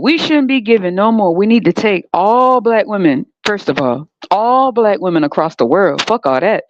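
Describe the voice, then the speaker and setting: A woman's voice: mid-range voice, lively intonation, moderate pace, few pauses, no echo. Profane ranting woman, dull dry recording. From United States. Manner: profane, emphatic ranting with frequent rhetorical questions. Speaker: podcast host. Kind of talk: unscripted monologue.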